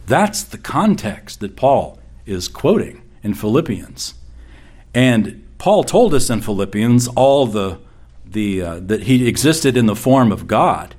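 A man preaching a sermon, reading scripture aloud with slow emphasis and repeating key phrases. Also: mid-range voice, sing-song, darkish tone. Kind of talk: expository sermon.

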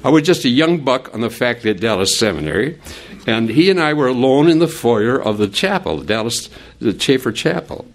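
Animated older male Bible teacher. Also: mid-range voice, a little fast. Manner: animated and digressive, with chuckles. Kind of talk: classroom Bible lesson.

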